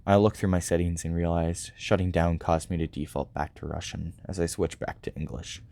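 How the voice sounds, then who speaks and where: A man narrating a first-person story in a quiet, subdued way. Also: sits low, little pitch movement, a little fast, vocal fry. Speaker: audiobook narrator.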